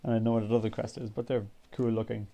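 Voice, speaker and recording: A man's voice: lowish voice, level tone, rapid-fire, creaky, heavy background noise. A man in his twenties chatting casually in a home vlog, rambling through a story with lots of fillers, his throat a bit tired. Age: 20s. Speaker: vlogger. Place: home bedroom.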